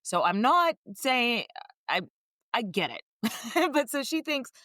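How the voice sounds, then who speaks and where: A woman co-hosting a casual history podcast, telling the story in a jokey, swearing, animated way. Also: on the high side, takes it slowly, no echo, studio quality. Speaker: podcast co-host.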